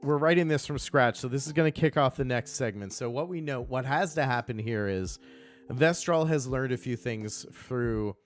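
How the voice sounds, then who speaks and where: A man's voice: medium pitch, normal speed, soft background music. Man thinking aloud on a live stream. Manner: thinking aloud, explaining his process. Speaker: tabletop game master and streamer. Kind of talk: casual live-stream chat.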